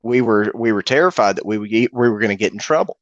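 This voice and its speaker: Earnest, halting middle-aged man, dry sound. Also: lowish voice, dry recording, highs cut off. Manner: earnest, halting, with frequent restarts and repetitions. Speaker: guest witness. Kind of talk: personal account in a video-call interview. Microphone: video call.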